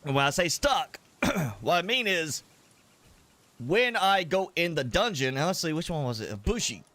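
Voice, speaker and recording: A man's voice: a little high, sing-song, moderate pace, sharp tone. A man streaming a game live, chatting loosely while eating spicy food and coughing now and then. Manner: rambling, eating while talking. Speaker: gaming streamer. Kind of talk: casual live-stream chat.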